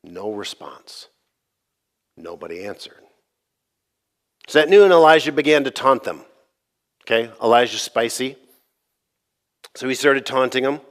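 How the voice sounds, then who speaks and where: A middle-aged man pastor preaching a sermon, telling the story with lively, sarcastic quoted lines and occasional laughs. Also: mid-range voice, normal speed, pauses often.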